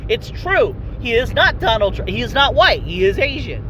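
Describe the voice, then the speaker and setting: A man's voice: very high-pitched, very animated, moderate pace, noisy background. A man hosting a casual solo podcast, swearing freely and swinging from heated rant to rambling explanation. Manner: profane, heated and emphatic. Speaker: podcast host.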